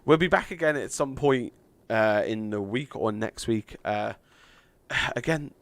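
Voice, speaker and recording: A man chatting on a live game stream, thanking donors with lots of fillers, a little hoarse from losing his voice. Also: lowish voice, measured pace, no room sound.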